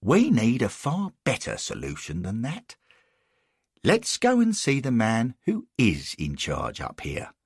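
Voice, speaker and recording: A man's voice: mid-range voice, huge pitch swings, slow, breathy edge, no echo, studio quality, voice pushed up, heavily acted. A man voicing an earnest, helpful man who guides a newcomer, in a raised, eager voice.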